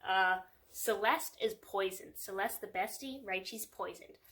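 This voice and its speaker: A woman's voice: medium pitch, a little slow, fairly bright tone. Young woman ranting about a book, super casual, sarcastic, lots of like, laughs a bunch. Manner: chatty and sarcastic, fills with "like", laughs often. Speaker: book reviewer. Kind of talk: casual chat.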